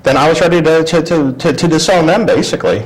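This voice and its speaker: A man's voice: on the high side, fast talker, poor audio. A middle-aged man, a guest on a talk show, telling a personal story in a casual way. He acts out the voices he quotes and often restarts his sentences.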